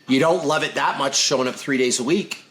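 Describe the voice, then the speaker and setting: A man's voice: mid-range voice, fairly quick, a bit bright. A man hosting a podcast in casual chat, blunt and emphatic as he lectures. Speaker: podcast host.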